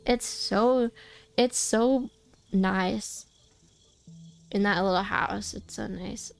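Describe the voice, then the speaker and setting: A young woman talks in a loose, rambling way while she streams a game, circling back and restarting her sentences. Her mid-pitched voice carries a gravelly, fried edge, and soft game music plays faintly underneath. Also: very slow. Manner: rambling, chatty, restarts often. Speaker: VTuber streamer.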